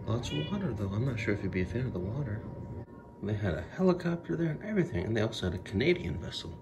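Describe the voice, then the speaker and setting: A man's voice: on the low side, sing-song, fast, noisy background. A man talking to his cat at home in a doting baby-talk voice. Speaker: pet vlogger. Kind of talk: casual talk to a pet cat.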